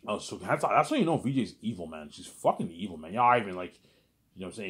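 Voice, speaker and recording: A man with a fairly low voice rants in a long, rambling monologue. He repeats himself constantly and swears freely, his agitation rising and falling as he talks. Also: sing-song, fast, fairly bright tone. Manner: repetitive, profane, agitated ranting. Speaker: vlogger.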